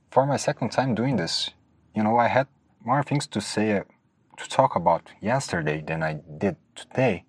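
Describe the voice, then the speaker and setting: A man hosts a solo podcast, rambling in a nervous, hesitant way, often restarting and apologizing self-deprecatingly for how he speaks. His voice is on the low side and a bit rough.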